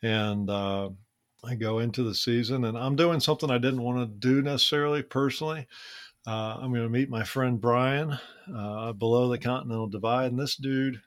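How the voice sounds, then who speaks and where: A man's voice: medium pitch, moderate pace, no room sound. Man telling a story, dry close sound. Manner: relaxed, conversational, frequent "man" and "uh". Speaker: podcast co-host. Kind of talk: casual storytelling.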